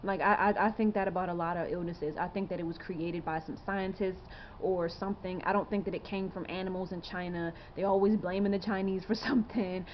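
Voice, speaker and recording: A woman's voice: fairly low pitch, steady tone, fairly quick, dull audio, slight background noise. A woman in her twenties talking straight to camera in a rambling, earnest way, full of fillers and rhetorical questions. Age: 20s. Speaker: vlogger. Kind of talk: casual to-camera monologue.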